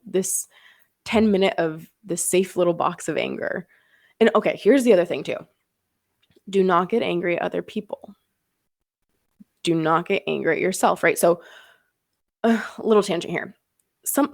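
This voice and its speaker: A woman's voice: fairly low pitch, vocal fry, no echo, clean studio sound. A young woman hosting a podcast as a business coach, talking earnestly and emphatically with frequent laughs. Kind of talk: casual podcast monologue.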